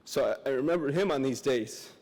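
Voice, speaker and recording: A young man giving a memorial speech as a guest speaker, joking and self-deprecating, halting and emotional, close to tears. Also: mid-range voice, expressive, darkish tone. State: emotional, teary. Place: large memorial hall. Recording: long hall reverb.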